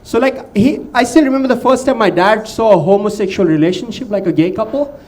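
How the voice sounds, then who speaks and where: A man's voice: a little fast, darkish tone. A man from India doing a chatty stand-up set, teasing the crowd. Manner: chatty, teasing the crowd, drops low to mimic his father. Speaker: stand-up comedian.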